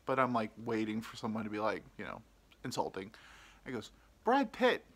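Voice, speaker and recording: A man's voice: fairly low pitch, a little fast, fairly bright tone. Rambling self-mocking young man. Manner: rambling, self-deprecating, mimics people he quotes. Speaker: podcast host. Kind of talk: casual storytelling monologue.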